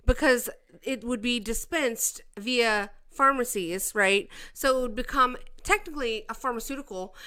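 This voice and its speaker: A woman's voice: fairly high pitch, pushed and bright. A woman hosting a casual commentary vlog, reacting to clips in a sarcastic, mocking way. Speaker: channel host.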